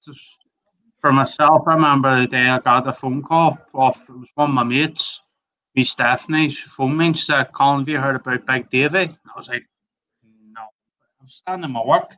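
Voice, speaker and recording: Bright-voiced man telling a story. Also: medium pitch, steady tone, fairly quick, lo-fi sound. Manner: storytelling, acts out phone calls, dry jokes. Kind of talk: casual podcast chat on grief.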